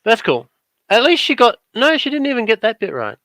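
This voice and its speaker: A man's voice: very high voice, wildly swooping pitch, fairly quick, pushed and bright, dry recording. A middle-aged man with an Australian accent giving playful, teasing commentary on a casual craft livestream. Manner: playful, teasing, dry asides.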